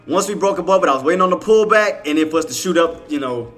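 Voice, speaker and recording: Frustrated bright-voiced man trading live. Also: on the high side, expressive, quick pace, soft background music. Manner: frustrated, repetitive, casual slang, cursing under breath. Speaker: day trading livestream host.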